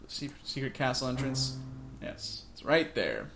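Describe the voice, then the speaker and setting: A man's voice: mid-range voice, very animated, measured pace, creaky, noisy background. A man hosting a let's play, reading game text aloud and musing wryly on his choices. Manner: wry, musing.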